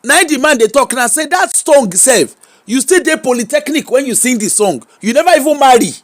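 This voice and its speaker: A Nigerian woman with a high voice hosts a show about celebrity gossip and talks through it briskly. Her casual, unscripted reactions are full of exclamations, with Pidgin and Yoruba asides mixed in.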